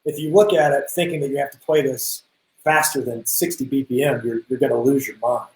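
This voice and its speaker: Man, young adult, casual interview, animated storytelling, echoey sound. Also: medium pitch, brisk. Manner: animated, lots of restarts, quotes people in acted voices. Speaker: guest drummer. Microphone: video call. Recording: roomy echo.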